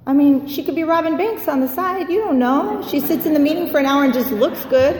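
A woman in her forties telling a personal story in a lively, candid way, acting out the voices she quotes. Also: high voice, brisk. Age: 40s. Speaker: speaker sharing a recovery story. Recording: echoey hall, faint background noise.

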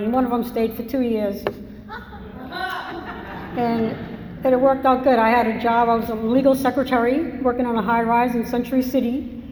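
A woman's voice: a little high, steady tone, normal speed, long pauses, darkish tone, slight background noise. A woman from Massachusetts telling her own story in a candid, self-mocking, conversational way. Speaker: speaker sharing a recovery story. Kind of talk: personal testimony talk. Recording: echoey hall with long reverb.

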